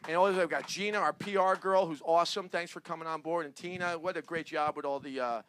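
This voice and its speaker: High, bright-voiced comedian host. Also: male voice, fairly even intonation, a little hiss or hum. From New Jersey. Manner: rambling, halting, laughs at own jokes. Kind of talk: stand-up news jokes with panel.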